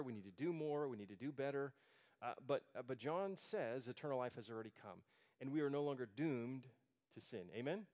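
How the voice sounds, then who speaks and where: A man's voice: mid-range voice, darkish tone. A man preaching a sermon as a pastor, earnest, with frequent restarts and fillers.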